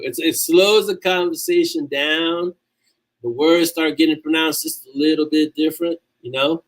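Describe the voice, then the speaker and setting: A man's voice: fairly high pitch, poor audio. A man with a New York accent hosting a casual livestream, reading viewer comments aloud and answering them in a chatty way. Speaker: livestream host answering chat.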